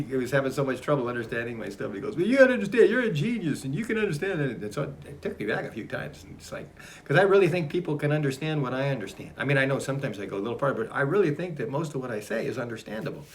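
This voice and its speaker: A man reading and commenting on his own book in a casual, rambling way, sometimes getting emotional and dropping into soft, breathy asides. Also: mid-range voice, animated, fast, a little hiss or hum. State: choked up at times.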